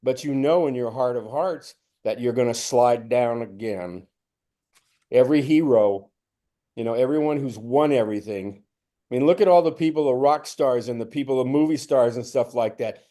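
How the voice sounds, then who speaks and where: A man speaking as a spiritual teacher, telling a personal story and acting out his own inner voices, which rise to a strained high pitch. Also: moderate pace, mellow. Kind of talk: reflective spiritual talk.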